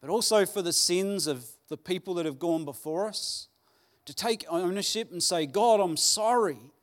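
A man preaching a Sunday sermon, earnest and pleading, with dramatic pauses. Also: sits high, fairly bright tone. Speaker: pastor. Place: church hall.

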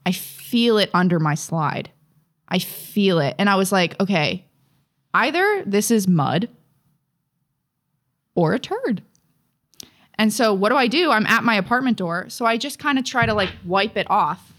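A young woman co-hosting a podcast in casual chat, animated and exaggerated, swearing freely as she tells a story. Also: on the high side. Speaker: podcast co-host.

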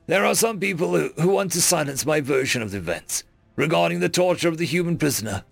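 A man voicing a frail, dying male alien diplomat who speaks weakly through pain in halting, pleading phrases. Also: fairly high pitch, animated, creaky, dry recording, soft background music, voice pushed up. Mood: pained farewell. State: weak and pained, coughing.

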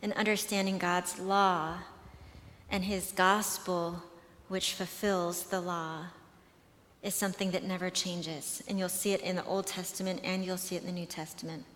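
A woman's voice: fairly low pitch, level tone, moderate pace, fairly bright tone, slight background noise. A woman speaking at a conference in a chatty, conversational way, with many fillers and restarts as she tells stories. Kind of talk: conversational talk with storytelling. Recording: long hall reverb.

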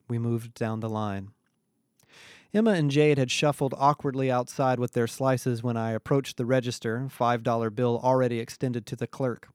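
A man's voice: mid-range voice, darkish tone, dry recording, clean studio sound. A man reading a first-person story aloud in a wry, sardonic manner. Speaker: audiobook narrator. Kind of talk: scripted first-person narration.

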